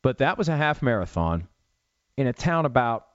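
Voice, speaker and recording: A man's voice: mid-range voice, very animated, normal speed, no room sound, muffled recording. A middle-aged man hosting a solo podcast, ranting with rhetorical questions and then answering listener questions. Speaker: podcast host.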